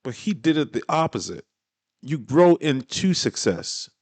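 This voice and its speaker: A man's voice: fairly high pitch, very animated, unhurried, a little mellow, no echo. A man giving casual reaction commentary on a clip, blunt, exasperated and slangy, swearing freely.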